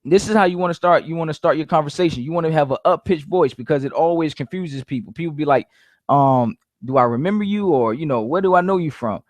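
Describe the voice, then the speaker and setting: A man's voice: on the high side, fast, dry recording. A man giving casual sales coaching, repeating his points emphatically and calling his listeners "guys". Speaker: network marketing coach.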